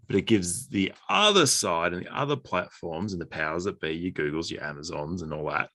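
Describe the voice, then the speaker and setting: Low-voiced male guest, blunt and opinionated, dry recording. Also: bright, forceful tone, no room sound. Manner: blunt, opinionated, swears casually. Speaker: podcast guest. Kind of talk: casual chat.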